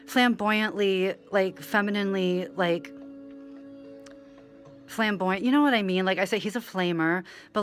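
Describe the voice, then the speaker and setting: A woman vlogging in a rambling monologue, full of "like" and side tracks, swinging between loud animated bursts and quiet asides. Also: lowish voice. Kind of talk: rambling direct-to-camera monologue.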